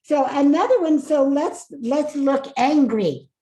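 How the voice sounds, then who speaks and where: A woman's voice: high voice, slow pace, mellow, rough recording. A woman speaking coach leading a live online masterclass, upbeat and laughing often, calling on attendees by name.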